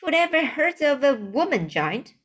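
A woman reading a kindly old giant, slow. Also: mid-range voice, lively intonation, a bit bright. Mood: earnest. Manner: halting read-aloud, stumbles over words. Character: huge old kindly male giant, muddled speech.

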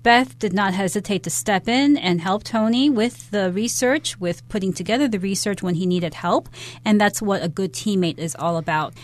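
A woman teaches English vocabulary in a steady, careful voice, laying out literal and figurative meanings. Her pitch is an ordinary middle range for a woman. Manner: measured, careful explanation. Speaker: English teacher on a radio lesson. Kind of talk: explaining vocabulary and dialogue.

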